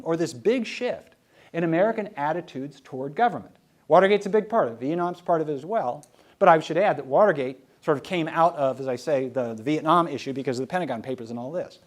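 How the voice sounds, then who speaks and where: A male historian giving a public lecture before an audience, conversational and wry as he tells anecdotes. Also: fairly high pitch. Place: talk before a live audience.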